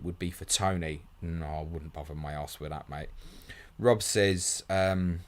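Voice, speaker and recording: Low-voiced man rattling through questions. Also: steady tone, moderate pace. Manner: blunt, matey, rattles through questions, calls everyone mate. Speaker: fantasy football stream host. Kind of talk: fast live Q&A reading viewer questions.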